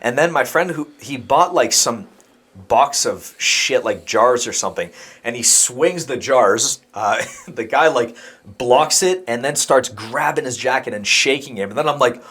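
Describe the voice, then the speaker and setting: A man's voice: medium pitch, expressive, a little slow, fairly bright tone, slightly rough. Laid-back man telling a story. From Montreal. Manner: rambling anecdotal, laughs mid-sentence. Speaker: podcast co-host. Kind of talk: casual storytelling chat.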